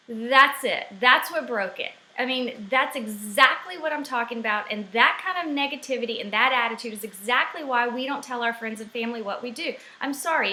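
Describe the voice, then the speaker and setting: A woman's voice: high voice, sharp tone, echoey room, slight background noise, poor audio. A middle-aged woman ranting animatedly in a casual vlog from her home office. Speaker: network marketing vlogger.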